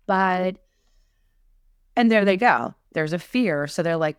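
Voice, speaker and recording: A middle-aged woman coach in a conversational podcast discussion, animated and often acting out clients in quick asides. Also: on the low side, smooth, no room sound, studio quality.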